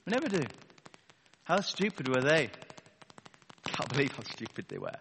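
A man's voice: mid-range voice, huge pitch swings, normal speed, creaky, a bit bright, a little hiss or hum. Wry, chatty male preacher in a reverberant hall. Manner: conversational and wry, asks the congregation rhetorical questions. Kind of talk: sermon. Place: church hall with a live congregation. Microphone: wireless battery microphone. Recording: long reverb of a large hall.

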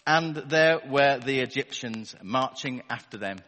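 The recording carries the long reverb of a large church hall, where a man preaches to a live congregation over a wireless battery microphone. Conversational and wry, he throws rhetorical questions at his listeners in a medium-pitched, pushed and bright voice at a measured pace.

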